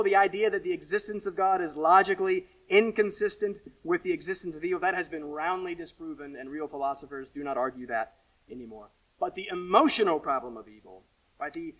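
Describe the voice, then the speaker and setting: A pastor giving a sermon, earnest, rising to emphatic questions and falling to quiet asides. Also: male voice, high voice, distant mic, rough recording.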